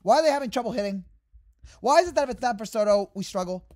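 A woman's voice: on the high side, lively intonation, fast talker, a little mellow. A woman hosting a sports fan channel, delivering an exasperated, heated rant to the camera.

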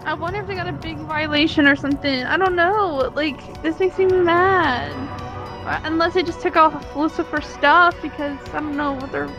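A woman giving casual, excitable commentary as she plays through a game, outspoken and swearing when annoyed. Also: high-pitched, moderate pace, dull audio. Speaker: gaming channel host. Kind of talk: live gameplay commentary. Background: loud game music.

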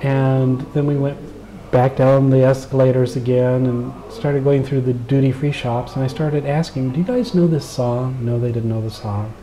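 On a rough recording, a Southern-accented, middle-aged American interviewee speaks at normal speed in a medium-pitched voice. He earnestly relives a personal story, quoting and performing the dialogue with animation.

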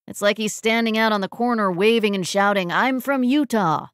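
A woman's voice: mid-range voice, steady tone, fairly quick, clean tone, no echo, clean studio sound, natural voice. Woman voicing a gushing young man in love. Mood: exasperated.

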